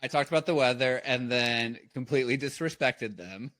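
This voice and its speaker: A man's voice: mid-range voice, normal speed, a bit bright, dry recording. Rambling Midwestern man hosting a podcast. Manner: rambling, filler-heavy. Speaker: podcast host. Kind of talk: casual chat.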